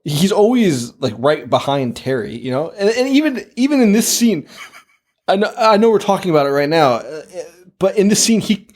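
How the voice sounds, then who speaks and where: A man's voice: high voice, big pitch swings, normal speed, darkish tone. A man co-hosting a horror podcast, chiming in with blunt, swearing remarks. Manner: blunt, swearing, agreeing banter. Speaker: podcast co-host. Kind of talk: casual movie chat.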